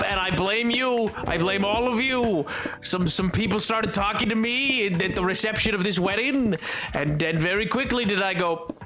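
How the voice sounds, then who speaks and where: A man streaming a game, chatting casually in a rambling way, full of stammered restarts and theatrical asides. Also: high-pitched. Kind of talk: casual chat while gaming.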